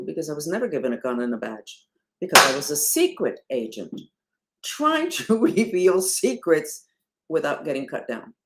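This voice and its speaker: A woman leading a spiritual movement talks straight to her followers in a loose, conversational way. She asks rhetorical questions and leans hard on some words, then drops to a hushed tone. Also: low voice, slight background noise. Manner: animated, rhetorical, swings between loud and hushed. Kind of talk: casual spiritual talk to followers.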